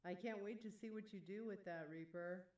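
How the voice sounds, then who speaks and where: A woman's voice: medium pitch, moderate pace, darkish tone, reverberant, recorded from a distance. A woman chatting casually on a live stream, reading chat messages aloud and laughing often.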